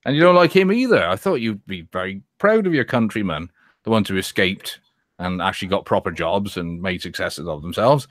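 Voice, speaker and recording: Sardonic man, low voice, dry sound. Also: lively intonation, brisk, dry recording. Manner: sardonic, teasing, swears freely. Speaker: host. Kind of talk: casual podcast banter.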